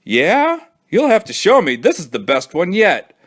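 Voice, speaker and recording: An excitable young boy who brags and shouts, as a man reading a storybook aloud puts him on. The voice sits high and swings about a lot. Every line bursts out. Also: unhurried, exaggerated voice. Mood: pleased. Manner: high-pitched, excitable, exclaiming. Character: excited worm-eating young boy, boastful.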